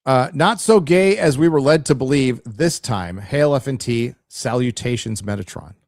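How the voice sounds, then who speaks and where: A man's voice: mid-range voice, normal speed, a little mellow, dry recording, studio quality. A man hosting a live show, giving blunt, opinionated commentary to his chat, with frequent stammered restarts. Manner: addresses chat directly. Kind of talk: casual opinionated livestream commentary.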